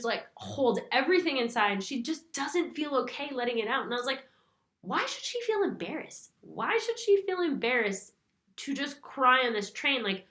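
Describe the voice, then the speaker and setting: A woman's voice: fairly high pitch, pushed and bright. Young female host, casual rambling monologue, filler-heavy, echoey room. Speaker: spiritual channel host.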